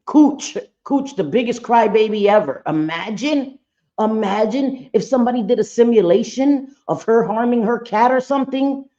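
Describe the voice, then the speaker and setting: A woman's voice: a little high, lively intonation, moderate pace, dark tone, muffled recording. A woman doing a casual livestream reaction, blunt and profane, talking straight to her chat. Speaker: livestream commentator.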